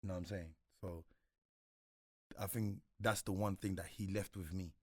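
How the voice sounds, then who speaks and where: Thirties guy, low dry voice, reflective interview guest, slangy. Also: steady tone, normal speed, a little mellow, husky, no room sound. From Congo. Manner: reflective, slangy, repeats himself often. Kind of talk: casual interview talk.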